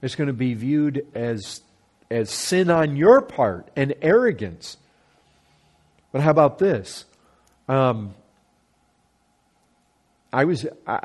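A man's voice: mid-range voice, darkish tone. A man preaching a sermon as a pastor, earnest and emphatic, repeating phrases to drive his points home.

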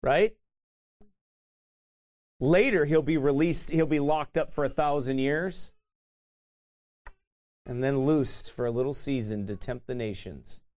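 A man's voice: mid-range voice, takes it slowly, pauses often, darkish tone. A man teaching a sermon in a conversational way, often tossing in "right?" and laughing at himself. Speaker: pastor.

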